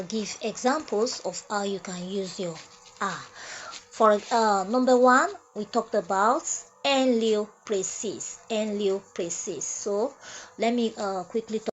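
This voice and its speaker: A woman teaching French grammar at a whiteboard, repeating each phrase slowly and explaining step by step. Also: fairly high pitch. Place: classroom at a whiteboard. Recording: dull lo-fi sound.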